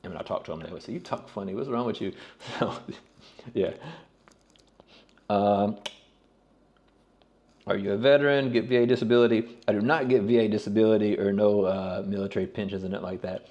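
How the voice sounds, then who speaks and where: A man's voice: fairly low pitch, a little fast, mellow, muffled recording. A man in his forties from Kentucky with a faint Southern accent, answering viewer questions in a blunt, casual vlog. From Kentucky, USA. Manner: blunt, plain-spoken, laughs things off.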